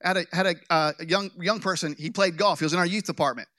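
Male pastor, lively storytelling sermon, fairly high voice, dry close sound. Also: fast talker, dry recording. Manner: animated, joking, with restarts.

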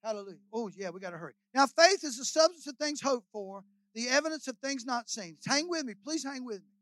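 A man, preaching as a guest pastor in a folksy, joking way, repeating phrases and swinging between quiet asides and loud shouts. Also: very high-pitched, lively intonation, fast talker, dry recording. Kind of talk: sermon.

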